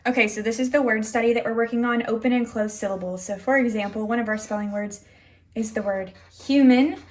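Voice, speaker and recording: A woman's voice: on the high side, steady tone, fairly quick. Chatty young woman teacher vlogging. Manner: chatty, rambling, many "like"s and "anyways". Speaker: elementary school teacher. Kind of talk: casual day-in-the-life vlog talk.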